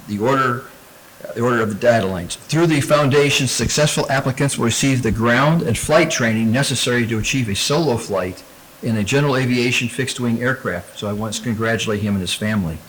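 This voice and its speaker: A man's voice: medium pitch, a little fast, fairly bright tone, a little hiss or hum, poor audio. A man chairing a school board meeting, speaking informally with frequent fillers.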